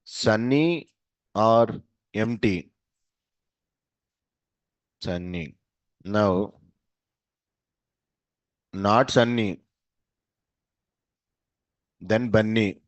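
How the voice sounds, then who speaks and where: A man's voice: on the low side, extremely slow, pauses often, no room sound. Guy teaching code, asks then answers, dry muffled mic. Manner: quizzes students with short questions and answers. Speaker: programming teacher. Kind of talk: live coding class. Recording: dull, dry lo-fi sound.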